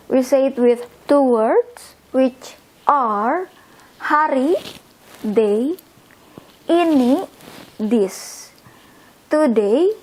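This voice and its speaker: A woman from Indonesia, teaching a language lesson patiently and repeating example words slowly. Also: fairly high pitch, darkish tone, poor audio. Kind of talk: slow explanatory language lesson.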